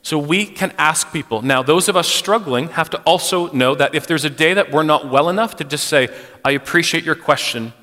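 A middle-aged man speaks to a church congregation in a frank, conversational way, leaning on casual "like"s. His voice is bright and forceful. It carries a long reverb from the hall around him. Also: fairly high pitch, normal speed. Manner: conversational, frank, personal, uses "like" often. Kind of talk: candid church talk on mental health. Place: church sanctuary.

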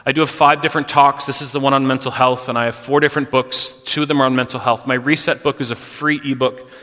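A man's voice: mid-range voice, steady tone, quick pace, sharp tone. Frank man speaking in a reverberant church. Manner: conversational, frank, personal, uses "like" often. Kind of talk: candid church talk on mental health. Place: church sanctuary. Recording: long hall reverb.

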